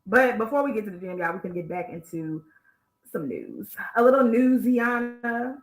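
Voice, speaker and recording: A woman's voice: fairly high pitch, very animated, normal speed, reverberant, low-quality recording. Breathless chatty woman radio host. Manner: chatty, addresses listeners as y'all, many fillers. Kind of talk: casual news talk.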